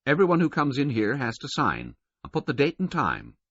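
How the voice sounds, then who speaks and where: A man's voice: mid-range voice, normal speed, breathy edge, no echo, dull audio, pitched above the performer's own voice, exaggerated voice. Leslie Brown, a bossy woman voiced by a man. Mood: commanding. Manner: blunt, flat, commanding. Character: stern, bossy woman of about forty guarding the horse car.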